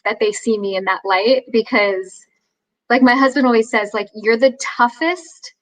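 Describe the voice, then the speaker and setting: A young adult actress chatting as an interview guest, telling lively stories, acting out quoted voices and laughing often. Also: female voice, fairly high pitch, normal speed, rough recording. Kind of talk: casual interview chat.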